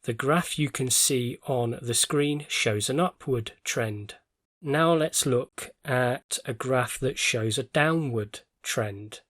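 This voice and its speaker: A man teaching English vocabulary in a scripted lesson, explaining words clearly and carefully with attention to stress. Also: mid-range voice, slow pace, a bit bright, dry recording.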